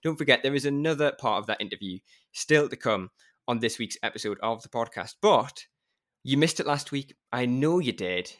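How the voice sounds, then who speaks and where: A man's voice: medium pitch, lively intonation, normal speed, fairly bright tone. A man hosting a podcast, chatting in a playful, teasing way. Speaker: podcast host. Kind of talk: casual podcast chat.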